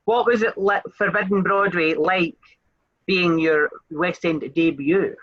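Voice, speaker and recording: A man's voice: sits high, measured pace, muffled recording. A man hosting a casual interview over a video call, asking questions hesitantly with frequent restarts. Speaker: host.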